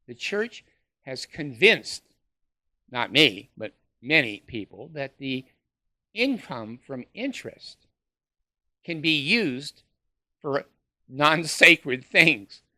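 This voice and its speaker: A man talks in a sarcastic, mocking monologue, his voice very bright and edgy. He scoffs with short laughs and trips over "uh" and restarts. The sound is dry and close, with no room around it. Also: mid-range voice, no echo. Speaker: former church member ranting to camera.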